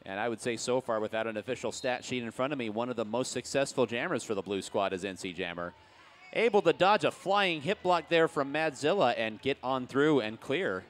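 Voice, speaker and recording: Male derby announcer, mid-pitched, chatty live play-by-play with jokes and crowd call-outs. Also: expressive, fairly quick, a bit bright, a little hiss or hum. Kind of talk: live sports commentary.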